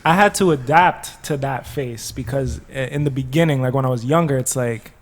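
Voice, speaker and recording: A man's voice: medium pitch, a little fast, crowd noise. A man hosting a casual podcast interview, chatty and egging his guests on. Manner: chatty, prompts guests with short "mm" and "keep going". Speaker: podcast host.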